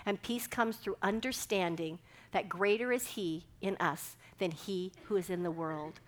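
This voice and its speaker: A woman's voice: medium pitch, measured pace. A middle-aged woman giving a sermon, telling a personal story and acting out the dialogue with animation. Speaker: speaker giving a devotional talk.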